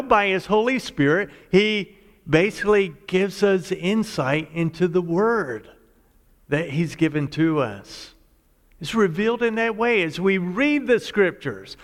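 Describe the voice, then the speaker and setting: A man preaching a sermon, explaining scripture in a measured, emphatic way. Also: sits high, fairly bright tone, long reverb tail. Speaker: pastor.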